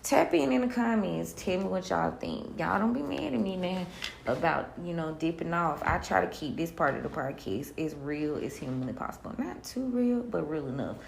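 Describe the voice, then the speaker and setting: A woman with a Southern US accent hosts a solo podcast in a laid-back, chatty way, laughing often. Her voice is lowish, expressive and creaky, at normal speed. The recording has a roomy echo and faint room noise.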